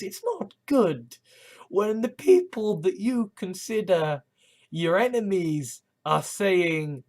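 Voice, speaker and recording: Rambling, halting vlogger with swooping pitch. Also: very animated, darkish tone. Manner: rambling, halting with frequent restarts and nervous laughs; swearing, earnest and agitated. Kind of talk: casual monologue vlog.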